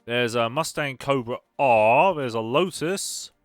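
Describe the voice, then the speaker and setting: A man's voice: mid-range voice, slow, no room sound, soft background music. A young man casually commenting on his racing game as he plays on a live stream, chatting and answering his viewers as he goes. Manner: chatty, reads and answers chat while playing. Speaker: gaming streamer.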